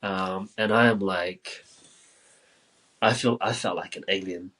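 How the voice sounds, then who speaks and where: This podcast guest from New Zealand talks slowly in a low voice while telling a casual story. He leans on filler words and voices quoted dialogue with energy, all on a rough recording.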